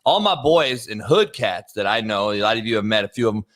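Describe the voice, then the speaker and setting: A man's voice: lowish voice, very animated, brisk, a bit bright. A man hosting a sports talk show, bantering loosely with slang and profanity. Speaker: show host and coach.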